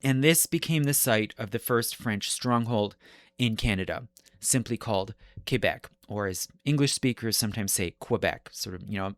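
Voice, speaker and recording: A man hosting a history podcast, explaining the geography in a measured lecture style and correcting himself as he goes. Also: on the low side, no room sound.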